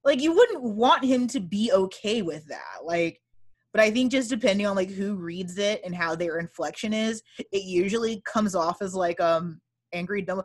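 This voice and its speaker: A woman's voice: mid-range voice, moderate pace. A young woman co-hosting a casual podcast chat about a book, swearing freely and acting out lines in other voices. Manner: animated, profane, acts out voices of characters. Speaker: podcast co-host.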